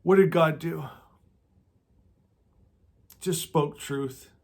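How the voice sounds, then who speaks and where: Spiritual teacher, male, higher-voiced, unhurried; leads prayer in a soft, repetitive, meditative way. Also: steady tone. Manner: slow, meditative, often repeats words and trails off softly.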